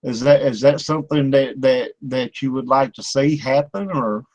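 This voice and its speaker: An older man with a drawl hosts a casual radio talk, wandering from point to point with fillers and frequent chuckles. His voice sits at an ordinary middle pitch. The sound is dry and close, with no room around it. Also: moderate pace, darkish tone, no room sound, highs cut off. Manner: folksy, rambling, laughs often, many fillers. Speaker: radio show host.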